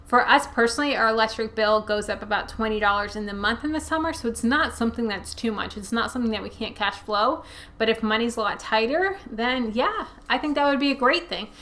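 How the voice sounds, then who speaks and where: In this casual Q&A, a young woman hosting a personal finance channel reads and answers viewer questions fairly quickly. Her voice is on the high side, pushed and bright, and her manner is chatty and conversational, peppered with fillers.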